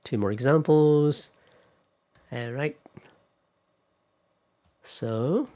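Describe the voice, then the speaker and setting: A man giving a pronunciation lecture, speaking deliberately and repeating example words several times to demonstrate them. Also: mid-range voice, expressive, mellow.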